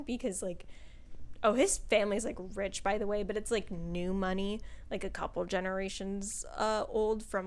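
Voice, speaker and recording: A woman giving a casual, rambling spoken book review, full of filler words and swearing, laughing often as she talks. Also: medium pitch. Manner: chatty and rambling, with frequent "like" and profanity; laughs often while talking.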